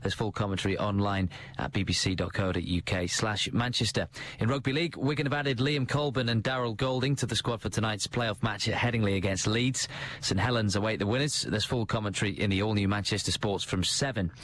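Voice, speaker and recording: A man reading a brisk, even sports news bulletin on the radio. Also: fairly low pitch. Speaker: newsreader.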